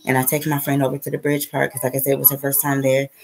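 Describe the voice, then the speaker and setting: With a completely flat delivery, a woman speaks fast in a bass voice on a low-quality recording. This spiritual vlogger rambles casually through a profanity-laced story, repeatedly checking in with "okay?" and "right?"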